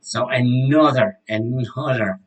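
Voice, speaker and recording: A man's voice: mid-range voice, slow, rough recording. A man narrating and refereeing a tabletop role-playing game in a casual, chatty way, explaining rules as he goes. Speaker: dungeon master.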